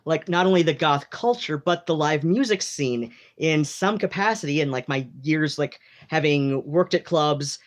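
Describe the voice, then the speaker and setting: An American man who talks in a put-on mid-Atlantic accent, all drawn-out vowels and theatrical polish. He chats to his livestream from home, rambling and campy, with "like" and "you know" scattered through every sentence. The tone is gossipy and unhurried. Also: fairly high pitch. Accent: affected mid-Atlantic. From United States. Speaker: livestream host. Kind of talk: casual rambling livestream chat.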